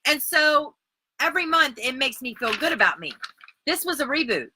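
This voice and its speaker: A woman's voice: sits high, very animated, normal speed, bright, forceful tone, a little hiss or hum. A woman hosting a live workshop, chatty and encouraging as she reads out viewers' answers. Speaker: keto workshop host. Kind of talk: live-stream workshop talk.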